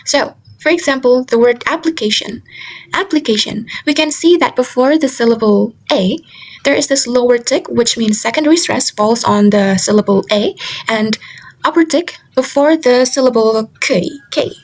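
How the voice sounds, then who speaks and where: A young woman whose first language is Indonesian gives a class presentation, carefully repeating example words slowly. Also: on the high side, low-quality recording. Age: young adult. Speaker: student presenter. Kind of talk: class presentation on word stress.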